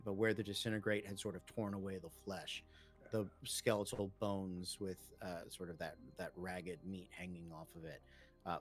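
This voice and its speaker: A man runs a tabletop game as game master, his voice sitting low. He gives plain, matter-of-fact rulings and shifts into vivid narration. Faint music plays behind him.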